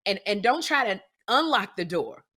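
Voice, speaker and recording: A middle-aged woman co-hosting a comedy podcast, telling stories and acting out quotes loudly in casual chat. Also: mid-range voice, normal speed, husky. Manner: animated storyteller, acts out quotes loudly. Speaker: podcast co-host.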